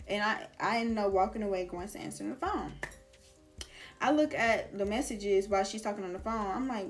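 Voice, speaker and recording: A woman's voice: mid-range voice, fast, soft background music. A young woman vlogger telling a casual storytime, slangy and chatty with lots of "like" and "girl".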